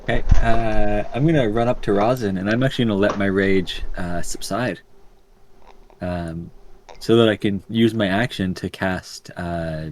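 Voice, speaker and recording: A man's voice: fairly low pitch, normal speed, a little mellow, slight background noise. Hesitant male tabletop player. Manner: hesitant, searching for words. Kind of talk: casual play chat.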